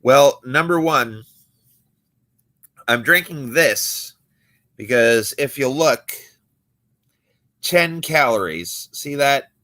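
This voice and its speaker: A man's voice: medium pitch, lively intonation, extremely slow, pauses often, bright, forceful tone. A young adult man, a magician hosting a late-night livestream, chatting casually and acting out the people in his stories. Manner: storytelling, acting out quoted people.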